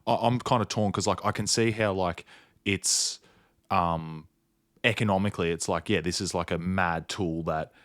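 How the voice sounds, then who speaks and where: A man hosting a podcast, talking casually in halting bursts and swearing. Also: low voice, a bit bright, dry recording, clean studio sound. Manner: halting, lots of fillers and restarts, swears. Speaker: podcast host. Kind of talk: casual chat.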